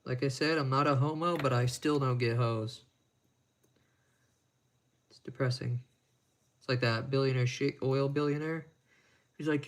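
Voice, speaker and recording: A man's voice: medium pitch, fairly even intonation, normal speed, long pauses. A man chatting casually on a live stream while he repairs watches at his bench, rambling and making crude, self-mocking jokes.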